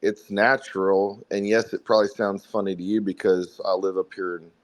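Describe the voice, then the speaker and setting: A man from South Carolina with a faint Southern accent, telling the story behind his song in a relaxed, rambling way during a casual interview. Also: low-pitched, moderate pace, rough recording. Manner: rambling, friendly storytelling with fillers. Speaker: songwriter guest.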